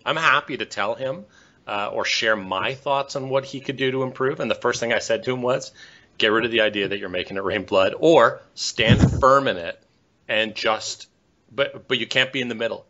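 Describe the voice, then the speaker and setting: A man co-hosting a podcast, telling a story in a measured, thoughtful way. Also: on the low side, sharp tone, dull audio. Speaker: podcast co-host. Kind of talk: casual podcast chat.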